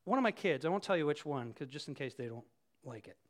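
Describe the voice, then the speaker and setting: A man giving a sermon in a conversational preaching style, telling vivid everyday illustrations and swinging between hushed and loud delivery. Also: a little high, animated, fast. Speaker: pastor.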